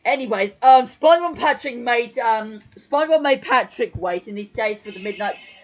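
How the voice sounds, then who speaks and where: A YouTube creator giving rambling, self-mocking live-stream commentary, full of ums. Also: male voice, extremely high pitch, expressive, normal speed.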